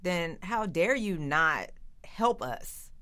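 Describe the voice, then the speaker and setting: Slow-talking woman host agreeing along. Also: fairly low pitch, big pitch swings, fairly bright tone. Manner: agreeing, measured interjections. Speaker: podcast host. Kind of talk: casual conversation.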